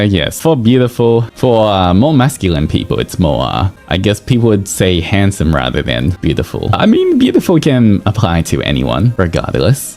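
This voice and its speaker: Male streamer, low voice that swings widely in pitch, casual and teasing, laughs a lot, faint music under him. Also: a little mellow. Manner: playful, laughs often, teasing. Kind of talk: casual chat.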